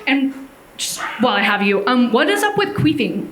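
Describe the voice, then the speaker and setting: A woman's voice: a little high, big pitch swings, normal speed, very noisy. A stand-up comedian, a woman from Chicago, talking hesitantly with lots of ums during a live set.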